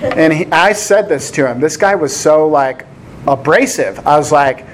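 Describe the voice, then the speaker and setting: American guy telling stories in a laid-back sermon, slightly high voice, laughs a lot, faint noise behind. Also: a little slow. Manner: chatty, rambling, laughs often. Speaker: Bible teacher. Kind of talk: casual sermon with anecdotes.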